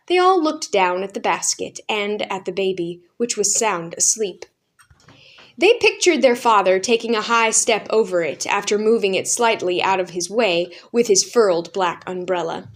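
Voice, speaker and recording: A woman narrating a children's book aloud as a storyteller, calm and even. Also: mid-range voice, normal speed.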